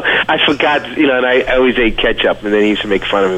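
A man's voice: medium pitch, quick pace, few pauses, bright, forceful tone, slight background noise, rough recording. A man with a New York accent, a guest telling stories in a casual interview. He rambles with fillers and restarts.

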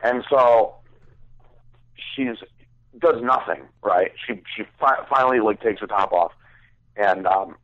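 A man's voice: on the low side, slow pace, long pauses. A young man telling a crude, rambling story in casual chat, full of fillers. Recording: dry tinny phone-like sound.

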